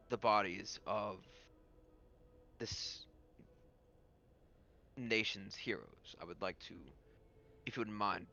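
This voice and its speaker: A man voicing a one-eyed, one-armed male war veteran who now rules a haven for outcasts, speaking slowly and solemnly. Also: fairly low pitch, pushed and bright, dull audio, full character voice.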